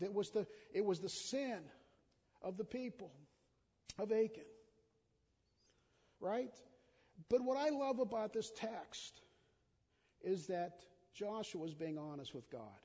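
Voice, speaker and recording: A middle-aged man preaching a sermon in an earnest, conversational way, often repeating himself as he speaks, swinging from urgent and loud to quiet and intimate. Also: high voice, expressive, measured pace, long pauses, breathy edge. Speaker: pastor. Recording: dull sound with long hall reverb.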